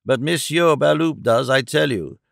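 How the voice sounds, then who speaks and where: A defiant, muddled old vagrant on trial rambles his blunt protests, as a male audiobook reader plays him. The voice is gravelly and sits at an ordinary pitch. The sound is close and dry, with no room around it. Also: moderate pace, no echo, lightly acted. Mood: pleading. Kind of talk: audiobook character reading.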